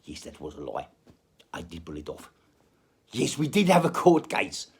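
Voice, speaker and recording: Hosting his own podcast, this man spins a crude, rambling comic tale full of profanity, hopping from one fake accent to the next. His voice sits low and swoops wildly in pitch, breathy at the edges, at a moderate pace.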